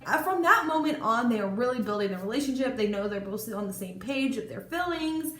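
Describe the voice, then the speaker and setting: A woman chattily retelling a book in a casual vlog, animated and exclamatory, with lots of "like" as filler. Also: a little high, fairly quick. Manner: chatty retelling, heavy use of "like". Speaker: book vlogger. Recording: echoey room with faint noise.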